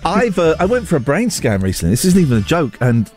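A man's voice: a little high, huge pitch swings, fast talker, darkish tone, faint music behind. A man in his late forties hosting a breakfast radio show, bantering in a loose, self-mocking way with lots of restarts. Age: 40s.

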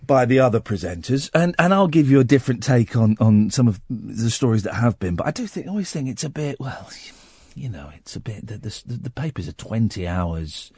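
A man's voice: medium pitch, very animated, a little mellow, slightly rough, no room sound, clean studio sound. A man hosting a late-night phone-in radio show, talking casually with many restarts and nursing a sore throat from a cold. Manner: rambling, halting, many restarts. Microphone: studio microphone.

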